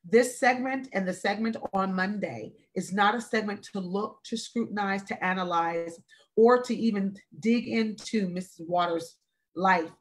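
A woman in her forties, a wellness speaker hosting a live stream, talking slowly and deliberately, with emphatic repeated phrases. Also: mid-range voice. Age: 40s. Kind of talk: earnest, deliberate talk. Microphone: video call or live stream.

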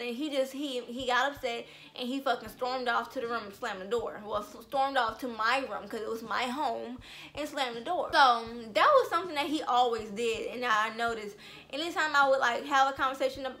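A young woman telling a storytime vlog, animated and blunt, swearing freely. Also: fairly high pitch. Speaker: vlogger.

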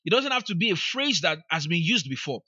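A man's voice: sits high, sing-song, fairly quick, pushed and bright, husky, no room sound, dull audio. A man with a Nigerian accent giving a motivational teaching talk, emphatic and repeating phrases for emphasis. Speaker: speaker and life coach.

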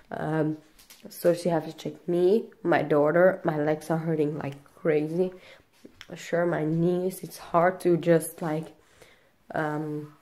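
A young woman with a low voice talks to her camera in a casual vlog. Her English is halting and packed with fillers. She sounds out of breath and breaks off to cough. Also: a little mellow. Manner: halting, non-native English full of fillers. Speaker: vlogger.

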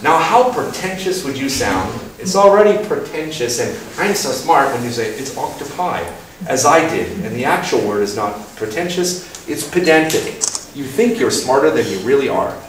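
A man giving a relaxed, self-mocking talk to a live audience, his pitch leaping around as he plays out small dialogues. He is picked up from some distance, so his voice rings through a very reverberant room with a faint hiss underneath. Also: normal speed. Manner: playful and self-mocking, acts out little dialogues. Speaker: guest speaker at a talk event. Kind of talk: casual public talk on word origins.

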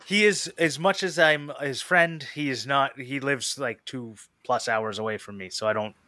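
A man's voice: mid-range voice, normal speed, sharp tone, no room sound. A man co-hosting a podcast in casual chat, rambling through recommendations with laughs. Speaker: podcast co-host.

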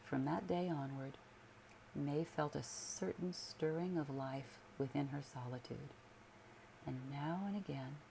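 A woman reading a literary story aloud as a sleep story narrator, in a soothing, measured way. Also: sits low, gravelly, dark tone, a little hiss or hum.

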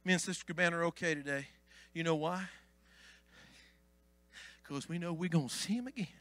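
A man preaching a Pentecostal sermon as pastor, swinging from hushed asides to shouted climaxes. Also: on the high side, brisk, dry recording, faint music behind.

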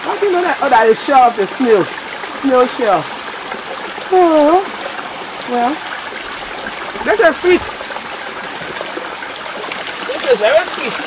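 High-voiced woman, exclaiming outdoors. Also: slow, pauses often. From Liberia. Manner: excitable, exclaiming and talking to herself and viewers. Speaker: vlogger. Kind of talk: walking farm vlog. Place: outdoors on a farm by a stream. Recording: noisy outdoor audio with running water.

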